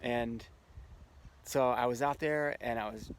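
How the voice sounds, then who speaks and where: A man hosts his own casual video and tells a story straight to the camera. He sounds chatty and laughs often along the way. His voice sits at a middle pitch, and clear background noise runs under the recording. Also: measured pace, low-quality recording. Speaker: host.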